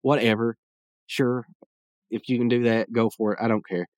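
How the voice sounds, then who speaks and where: This young podcast host speaks at normal speed with a medium-pitched, steady, slightly mellow voice. In casual solo commentary he rambles through a cartoon episode, chuckling while acting out lines, and the studio sound is clean and dry.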